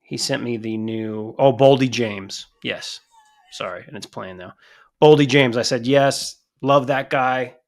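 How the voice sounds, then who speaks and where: With a medium-pitched voice and a measured pace, this U.S. co-host of a wrestling podcast keeps the conversation casual. He rambles, curses a lot, and stays animated.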